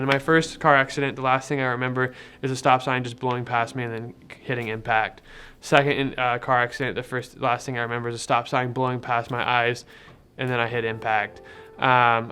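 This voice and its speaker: Young man, bright tone, casual faith testimony, rambling, lots of fillers, faint guitar in the background. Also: medium pitch. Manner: rambling and conversational, many fillers and retold dialogue. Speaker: person sharing a faith testimony.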